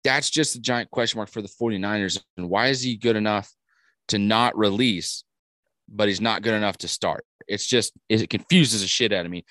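A man's voice: fairly low pitch, moderate pace, dry recording, clean studio sound. Brash, profane man talking football. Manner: brash and animated, swears freely. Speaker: podcast co-host. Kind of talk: casual sports chat.

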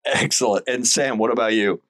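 A man's voice: medium pitch, brisk, fairly bright tone, dry recording. A man hosting an interview, giving short, encouraging prompts and questions.

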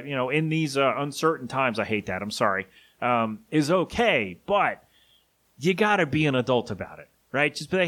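A man's voice: medium pitch, fairly bright tone. A man hosting a podcast, rambling casually and opinionatedly about sports with many fillers and asides. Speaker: podcast host.

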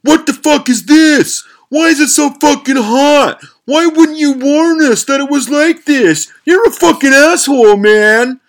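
A man's voice: very high voice, unhurried, few pauses, voice pushed up. A man voicing a furious house painter who screams and curses after eating ghost pepper sauce. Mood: enraged. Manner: screaming, cursing.

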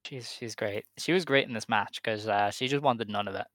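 A man's voice: lowish voice, brisk, fairly bright tone, no room sound. A man co-hosting a wrestling podcast, recapping matches in casual chat, easygoing and hesitant with many fillers. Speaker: podcast co-host.

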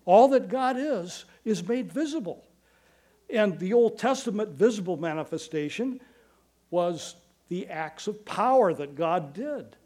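A man preaching a sermon as pastor, earnest and emphatic, with quick asides and slow stressed phrases. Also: sits high, animated, a little mellow.

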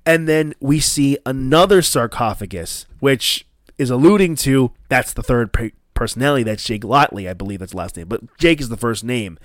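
A man hosting a casual chat, excitedly recapping an episode and swearing as he acts out scenes in a raised voice. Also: medium pitch, no room sound, clean studio sound. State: coughing. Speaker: podcast host.

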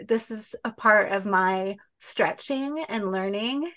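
Woman, podcast host, unhurried delivery, rambling casual chat, frequent restarts. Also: on the high side, fairly bright tone. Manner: rambling, many fillers and restarts.

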